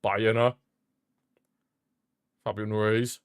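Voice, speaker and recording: A man's voice: fairly low pitch, very slow, clear, resonant tone, no room sound. Guy doing a football watchalong stream, chatty, repeats stuff, gets hyped, dry close sound. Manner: chatty, repeats phrases, excitable bursts. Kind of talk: casual live match commentary.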